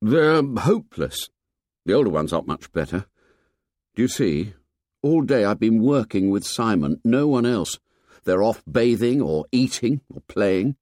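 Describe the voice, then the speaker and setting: A man's voice: fairly low pitch, very animated, a little slow, a little mellow, dry recording, studio quality. A man voicing a weary boy leader who talks in an exasperated, complaining tone.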